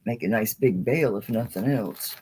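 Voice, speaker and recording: A woman's voice: a bass voice, moderate pace, dark tone, a little hiss or hum, low-quality recording. A woman running a live online jewelry auction in casual chat, cooing at her dog between bids.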